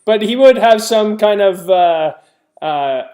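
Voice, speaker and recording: A man's voice: high voice, animated, takes it slowly, mellow. A man in casual conversation, easygoing and agreeable, often nodding along. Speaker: conversation partner.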